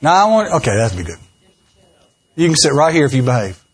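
A man's voice: medium pitch, very animated, brisk, husky. A man, a pastor telling jokes and folksy stories in a sermon. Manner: folksy, joking, acts out quoted voices. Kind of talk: humorous sermon storytelling.

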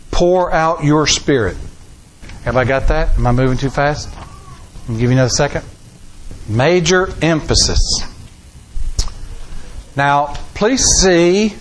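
A middle-aged man, preaching a sermon in a folksy, animated way with rising emphasis. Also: on the high side, a little hiss or hum, low-quality recording. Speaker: pastor.

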